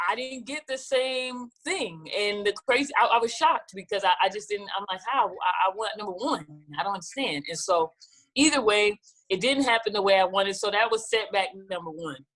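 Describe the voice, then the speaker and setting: Woman guest singer, lively storyteller who slips into voices when quoting people. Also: fairly high pitch, normal speed. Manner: animated, acts out quoted dialogue. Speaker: gospel singer-songwriter guest. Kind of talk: casual storytelling interview.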